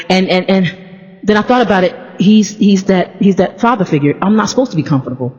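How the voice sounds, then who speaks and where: A woman's voice: mid-range voice, fast, breathy edge. A woman giving a casual spoken Bible reflection, earnest and conversational, restarting sentences and often tagging on questions to her listeners. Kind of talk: casual spoken devotional monologue. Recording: echoey room, dull lo-fi sound.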